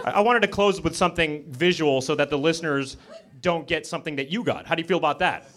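A man doing live stand-up comedy, with a shouted mock-angry chant, on a club stage. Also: a little high, fast talker, heavy background noise.

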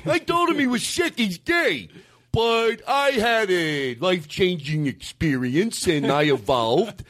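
A man's voice: high voice, lively intonation, fairly bright tone, exaggerated voice. A man putting on a dumb voice to play a smug, dim-witted male bigot. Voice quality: dopey, slow drawl.

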